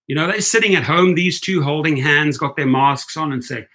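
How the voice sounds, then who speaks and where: A man's voice: a little high, moderate pace, sharp tone. A man hosting a rideshare commentary stream, sarcastic and heated as he reads and rants. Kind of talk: live-stream rant.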